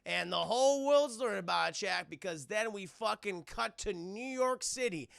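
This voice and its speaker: A man streaming a casual, profane, animated recap of a cartoon episode to his live chat. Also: high voice, normal speed, creaky, smooth, no echo, clean studio sound. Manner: animated, profane, lots of fillers.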